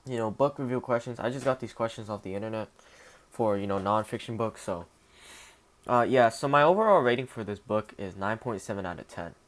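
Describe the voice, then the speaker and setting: A man's voice: fairly low pitch, a little fast. A young man giving a casual spoken book review, thinking aloud with fillers, restarts and frequent tag questions.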